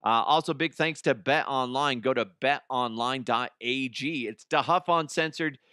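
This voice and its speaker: Man, comedy podcast host, profane ranting, bright voice, dry close sound. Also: medium pitch, normal speed, clear, resonant tone, no echo. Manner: animated, profane, laughs at his own jokes.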